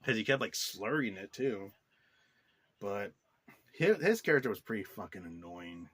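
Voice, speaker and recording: Low-voiced man rambling through a review. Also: big pitch swings, moderate pace, a bit bright, slightly rough. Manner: rambling, heavy use of "like" fillers; blunt and profane. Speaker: movie reviewer. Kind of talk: casual spoken review.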